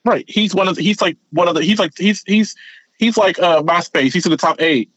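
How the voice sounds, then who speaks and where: A man co-hosting a podcast in casual chat, rambling and animated, often repeating words as he thinks. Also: high voice, fairly quick, breathy edge, dry recording. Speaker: podcast co-host. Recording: dull, lo-fi sound.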